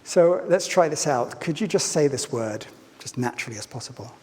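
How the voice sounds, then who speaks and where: A man's voice: fairly high pitch, animated, a little fast, a little mellow. Man lecturing playfully in a reverberant hall. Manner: playful, engages audience with questions. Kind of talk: public lecture.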